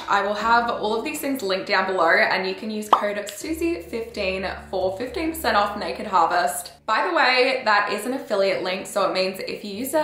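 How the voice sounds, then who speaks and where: Young woman, bubbly gushing vlog chat, mid pitch, roomy echo, faint music behind. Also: fairly bright tone. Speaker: vlogger. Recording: echoey room with background music.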